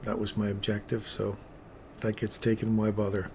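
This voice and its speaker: A man's voice: fairly low pitch, completely flat delivery, normal speed, vocal fry, dark tone, a little hiss or hum. A man hosting a live trading stream, rambling between chatty asides and market commentary with playful remarks to viewers.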